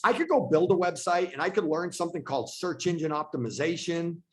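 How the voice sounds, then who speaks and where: Speaking a little fast in a fairly high, animated voice, this real estate team leader runs an online training session for agents over video. His style is relaxed, and he says things more than once to emphasize them.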